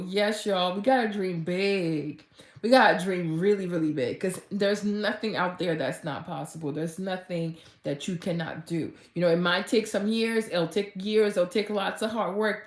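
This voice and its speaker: A woman fitness vlogger talking casually and gushing with excitement, full of "like" fillers. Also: medium pitch, reverberant. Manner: gushing and chatty, heavy use of "like", and bursts of excitement. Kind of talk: casual motivational vlog talk.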